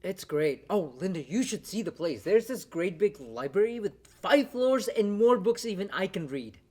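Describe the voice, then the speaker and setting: A young man playing a college-age brother home for a visit who halts, stammers and restarts when the talk gets hard. His voice is lively and rises and falls a lot, as in a student stage play. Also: fairly high pitch, normal speed, slightly rough. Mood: warm. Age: young adult. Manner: hesitant, stammering. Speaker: actor.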